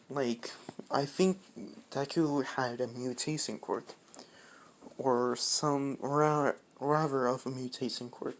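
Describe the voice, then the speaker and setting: A narrator improvising a fan-fiction story in a casual, halting way, full of restarts and casual swearing. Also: medium pitch, slight background noise.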